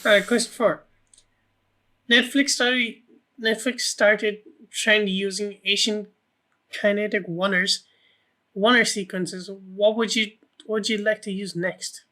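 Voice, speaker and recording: A man's voice: sits high, fairly even intonation, takes it slowly, sharp tone. A man co-hosting a podcast in casual chat, giving short, offhand replies. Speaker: podcast co-host.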